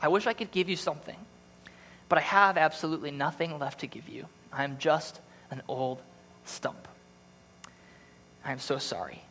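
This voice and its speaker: A man reading the part of a gentle, generous female apple tree from a storybook, in a tender voice. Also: on the high side, normal speed, long pauses, low-quality recording. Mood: sorrowful.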